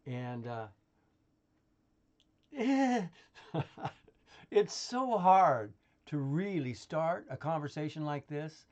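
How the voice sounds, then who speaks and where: A man's voice: fairly high pitch, animated, extremely slow, long pauses, a little mellow. A man talking in a casual, rambling monologue, full of swearing, laughter and restarts. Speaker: vlogger.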